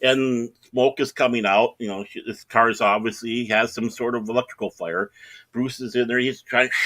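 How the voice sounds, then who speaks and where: A man's voice: mid-range voice, steady tone, normal speed, a bit bright. A middle-aged man telling a long anecdote in casual chat, acting out the other people in the story in raised voices. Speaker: podcast co-host.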